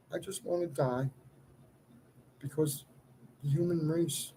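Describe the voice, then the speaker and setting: A man delivering an impassioned, rambling monologue straight to his viewers, swinging between shouting and muttering. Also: fairly high pitch, fairly even intonation, slow pace, pauses often, slight background noise, poor audio. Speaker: video poster.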